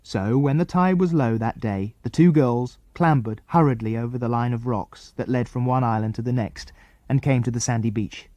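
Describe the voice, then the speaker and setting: A man narrating a children's adventure audiobook in an expressive, lively reading style. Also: medium pitch, normal speed, dry recording, lo-fi sound. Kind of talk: scripted storybook narration.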